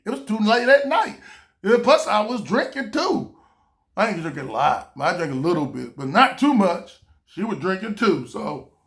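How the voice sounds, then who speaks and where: A man's voice: high voice, a bit bright. A man casually telling a personal story about an argument, in a heated, profane and repetitive way. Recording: echoey room.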